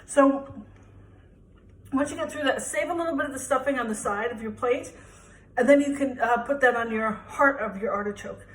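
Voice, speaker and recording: Young woman, home cook vlogger, fairly high voice, chatty and rambling, self-deprecating, recorded in an echoey kitchen. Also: moderate pace, a bit bright. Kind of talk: casual cooking demonstration.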